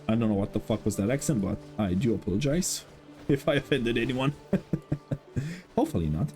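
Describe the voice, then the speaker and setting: A man's voice: mid-range voice, lively intonation, moderate pace, darkish tone, faint music behind. A young man casually commenting on a game as the channel's host, thinking aloud and swearing freely.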